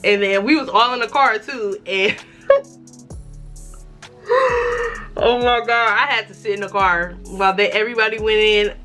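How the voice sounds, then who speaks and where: A woman in her twenties telling a casual story-time vlog, animated and profane, acting out the dialogue. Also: mid-range voice, normal speed, pauses often, soft background music. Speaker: vlogger.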